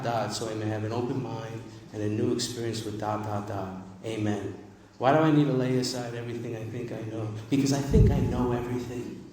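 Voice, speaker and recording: A man's voice: medium pitch, a little mellow, a little hiss or hum. A man from New York giving an emphatic, humorous recovery talk to a live audience at a convention. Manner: emphatic, repetitive, humorous storytelling. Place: large convention hall. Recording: far-off mic in an echoey hall.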